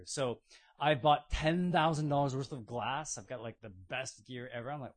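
A man's voice: on the high side, normal speed. A man preaching a sermon, retelling stories with playful acted-out voices. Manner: storytelling with playful acted-out quotes. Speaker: pastor.

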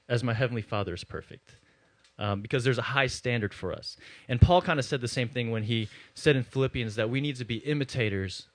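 A man's voice: medium pitch, dry recording. Brief: male pastor, easygoing sermon talk, dry close sound. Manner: conversational, filler-heavy.

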